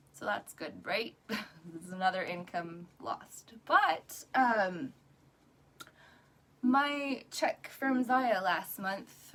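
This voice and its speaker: A woman's voice: lowish voice, fairly bright tone, recorded from a distance. A woman in her thirties, tearful and crying as she talks earnestly and encouragingly in a live video to a group. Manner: earnest, encouraging, breaks into little laughs. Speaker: direct sales rep.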